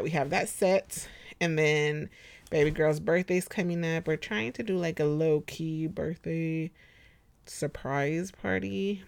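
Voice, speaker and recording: A woman in her thirties hosting a podcast at home, chatty and expressive, laughing often. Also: low voice, gravelly, dry recording. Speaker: podcast host. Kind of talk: casual chat.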